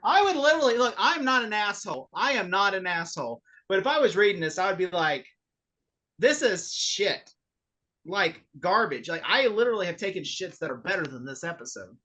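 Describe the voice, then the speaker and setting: A man's voice: sits high, lively intonation, quick pace, hardly any pauses, bright, forceful tone. A man co-hosting a casual podcast, ranting heatedly and swearing a lot. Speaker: podcast co-host. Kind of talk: casual chat.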